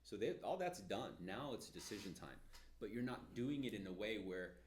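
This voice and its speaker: A man's voice: lowish voice, a little fast. Blunt, foul-mouthed male sales coach. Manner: blunt, swears often, energetic. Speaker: sales trainer. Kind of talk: casual sales coaching talk.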